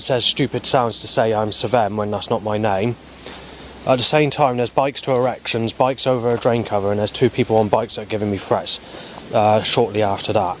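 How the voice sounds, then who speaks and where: A man rambling through a spoken log of his day, halting often with ums and restarts. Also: medium pitch, a little hiss or hum. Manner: halting, many ums and restarts, flat recounting. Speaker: vlogger.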